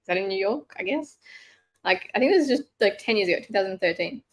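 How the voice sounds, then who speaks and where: A woman's voice: medium pitch, animated, fast talker. A woman co-hosting a casual podcast, chatty and full of "like", her voice a little sick. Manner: chatty, lots of "like". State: slightly sick voice. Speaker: podcast co-host. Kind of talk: casual chat.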